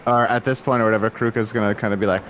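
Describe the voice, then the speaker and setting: A man's voice: lowish voice, steady tone, racing, highs cut off, background noise. A man in a tabletop role-play game, talking in character as a blustery, scolding dwarf. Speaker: player voicing a dwarf.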